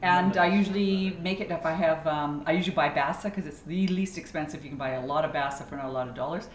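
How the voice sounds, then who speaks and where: A woman's voice: deep voice, fast. Chatty woman host in an echoey kitchen. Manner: chatty, trails off with fillers and restarts. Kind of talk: casual chat. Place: kitchen with friends. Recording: echoey kitchen from a distant mic.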